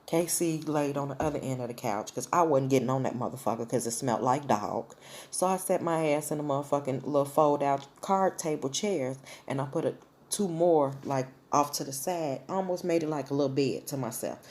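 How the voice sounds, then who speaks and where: Woman, low voice, blunt, swearing, casual storytime. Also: brisk. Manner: blunt, profane, animated storytelling. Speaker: vlogger.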